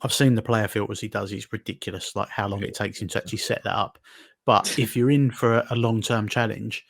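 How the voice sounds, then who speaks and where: A man's voice: on the low side, steady tone, fairly quick, creaky, no echo, studio quality. A man co-hosting a casual podcast, bantering and reading bits aloud with a laugh. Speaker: podcast co-host. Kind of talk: casual chat.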